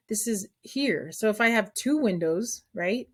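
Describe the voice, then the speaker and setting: A woman's voice: on the high side, lively intonation, moderate pace, hardly any pauses. A woman teaching a math lesson to her class, explaining a problem step by step in a chatty way and often checking that students follow.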